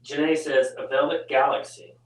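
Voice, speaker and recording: A woman's voice: deep voice, steady tone, normal speed, far from the mic. A woman co-hosting a live show, teasing her partner and reading out viewer comments. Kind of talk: casual live chat. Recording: echoey room, away from the mic.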